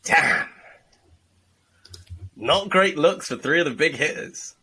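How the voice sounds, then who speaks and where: Husky-voiced man teaching sales, profane. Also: fairly high pitch, lively intonation, slow, pushed and bright, low-quality recording. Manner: profane, emphatic, teaching with examples. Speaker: sales trainer, co-host. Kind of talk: casual podcast chat.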